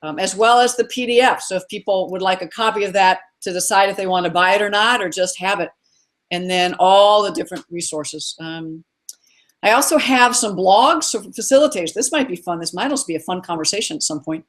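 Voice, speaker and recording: A woman's voice: medium pitch, brisk. A middle-aged woman speaks as a guest over a video call. She sounds earnest and encouraging, with a mid-range voice, and strings long lists of ideas together. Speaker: guest expert. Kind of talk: live video call interview.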